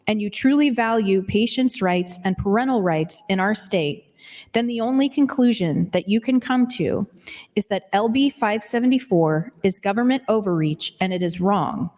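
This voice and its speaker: A woman's voice: medium pitch, a little mellow. Woman senator reading in a reverberant chamber. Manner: measured formal reading. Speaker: state senator. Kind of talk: reading testimony into the record. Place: legislative chamber. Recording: hall reverb.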